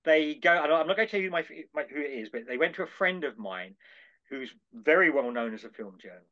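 A man's voice: on the high side, quick pace. An older man, a podcast guest, recounting an anecdote at length and acting out the dialogue in different voices. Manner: animated, acts out dialogue in voices. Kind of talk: anecdotal storytelling. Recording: dull lo-fi call audio.

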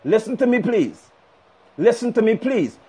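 High-voiced raspy guy preaching hard, fired up, phone stream. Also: very animated, normal speed, mellow. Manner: fiery, impassioned, scolding. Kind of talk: sermon on a livestream. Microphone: phone livestream.

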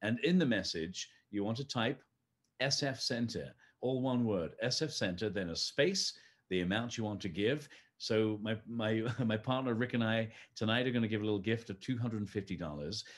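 Low-voiced chatty gala host. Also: male voice, animated, moderate pace. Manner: friendly, chatty, with frequent fillers. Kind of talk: live-streamed gala hosting.

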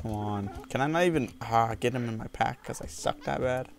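A man giving jokey, rambling let's-play commentary on a video game, with sudden whoops and yells. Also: mid-range voice, a little fast, gravelly, over music. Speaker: gaming video host.

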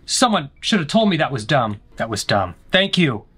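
A man's voice: on the high side, big pitch swings, moderate pace, fairly bright tone, slightly rough. A man doing let's play commentary on a horror game, joking with his chat and letting out sudden panicked yelps. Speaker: gaming streamer.

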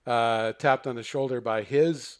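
A man's voice: mid-range voice, a little slow, smooth. A middle-aged man, a counselor and podcast guest, telling a story conversationally, acting out quoted dialogue with many restarts and fillers. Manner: animated, acts out quoted dialogue.

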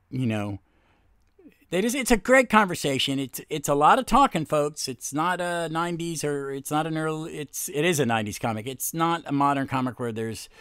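A man's voice: mid-range voice, a bit bright, clear, resonant tone, no echo, studio quality. A man hosting a comic book podcast, chatting casually and rambling with many fillers and restarts. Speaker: podcast host.

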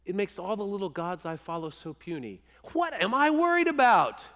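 High-voiced preacher in a ringing sanctuary. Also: male voice, sing-song, moderate pace, in a large hall. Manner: earnest, often dropping to a hushed, intimate voice. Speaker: pastor. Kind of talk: sermon. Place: church sanctuary.

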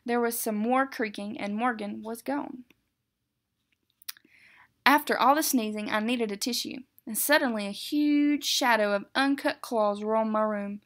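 A woman teacher reading a picture book aloud, expressive, with occasional self-corrections. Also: on the high side, measured pace.

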